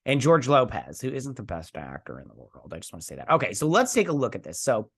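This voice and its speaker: A man's voice: medium pitch, huge pitch swings, fast talker, husky. A man hosting a casual reaction show, reading a news article aloud and rambling with his own asides. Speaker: host.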